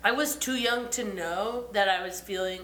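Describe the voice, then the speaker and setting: A young woman chatting casually as a podcast co-host, telling animated stories and acting out quotes. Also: medium pitch, normal speed. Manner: animated storyteller, acts out quotes. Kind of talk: casual chat. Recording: echoey room.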